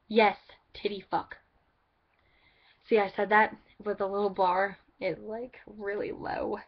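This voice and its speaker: A woman's voice: medium pitch, level tone, normal speed, gravelly, lo-fi sound. A woman telling a story in a casual vlog, rambling with lots of "like" and restarts. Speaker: vlogger.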